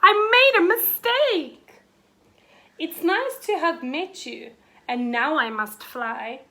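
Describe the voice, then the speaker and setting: Woman playing a hungry male dragon, loud, gloating, forceful bright tone, slow heavy delivery. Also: fairly high pitch, animated, exaggerated voice. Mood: flustered. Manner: loud, gloating then spluttering.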